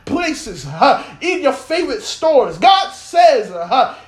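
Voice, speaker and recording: High, fervent man preaching in an echoey room. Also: big pitch swings, slow pace. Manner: fervent, peppered with "uh" and "huh", breaking into laughter. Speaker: prophetic preacher. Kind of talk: prophetic preaching with speaking in tongues.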